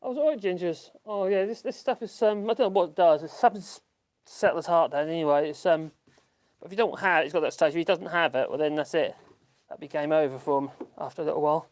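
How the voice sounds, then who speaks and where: A man's voice: a little high, fast. A man, chatting casually and rambling to the camera while he works on a woodworking project in his workshop. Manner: rambling, chuckles, talks to himself. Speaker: woodworking channel host. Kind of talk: casual chat while working.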